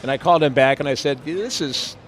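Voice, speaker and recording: Interviewed outdoors on a city street, an older male actor tells rambling anecdotes crowded with fillers and playful impressions. His mid-range voice is fairly even in intonation but very fast, with slight background noise.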